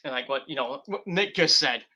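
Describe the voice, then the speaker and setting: A man's voice: medium pitch, lively intonation, brisk, pushed and bright, slightly rough. A man reviewing a wrestling show in a loose, rambling way, giggling and restarting his sentences. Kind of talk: rambling casual commentary.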